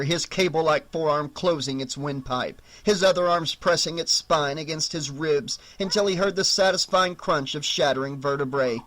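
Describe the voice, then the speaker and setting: A man narrating a horror novel audiobook in a steady, measured storytelling voice. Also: a little high.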